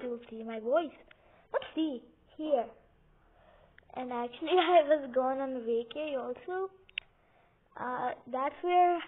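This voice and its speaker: A young woman chatting casually while playing a game at home on her couch, rambling and giggling with lots of hesitations. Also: sits high. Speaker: gaming video host. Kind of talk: casual gameplay commentary. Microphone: phone or computer mic, sometimes covered by her hand. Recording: tinny phone-like audio with faint hiss.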